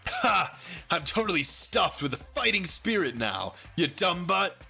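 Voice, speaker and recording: Brief: excitable shouting young hothead, put on by a man, higher and strained. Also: unhurried, vocal fry, slightly rough, faint music behind, full character voice. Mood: fired up. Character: rigid young man turned loud brash tough guy.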